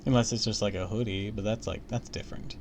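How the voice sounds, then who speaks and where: A man reads a book aloud live on stream, talking fast in a fairly low voice with a steady tone. He drops in casual comments and jokes between passages, and there's a little hiss or hum on the recording.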